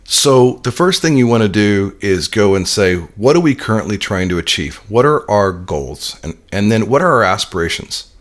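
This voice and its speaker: Low-voiced man explaining with energy. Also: moderate pace. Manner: energetic explainer, repeats words when starting sentences. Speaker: interview guest. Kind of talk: conversational business interview.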